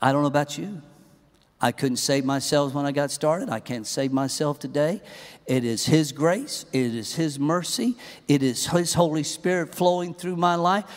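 A middle-aged man preaching a humorous, animated sermon in a large church auditorium. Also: on the high side, moderate pace, in a large hall. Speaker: pastor.

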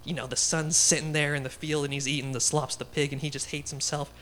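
A man's voice: fairly high pitch, flat delivery, quick pace, fairly bright tone, a little hiss or hum. A young man giving a casual, story-driven sermon, chatty and laughing as he talks. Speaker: guest speaker.

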